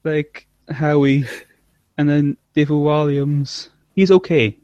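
A man's voice: on the high side, steady tone, slow pace, darkish tone, no room sound, dull audio. A man co-hosting a casual chat, rambling and often trailing off mid-thought. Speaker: podcast co-host. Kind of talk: casual chat reviewing an episode.

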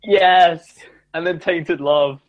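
A man co-hosting a casual chat, animated, laughing often and jumping up in pitch when excited. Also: very slow, lo-fi sound. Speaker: podcast co-host.

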